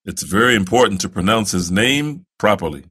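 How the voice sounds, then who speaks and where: A man giving careful instruction to new Muslims, reciting prayer phrases slowly and deliberately so the listener can repeat them. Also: on the low side, expressive, sharp tone, breathy edge. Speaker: religious instructor. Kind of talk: slow, careful instructional narration.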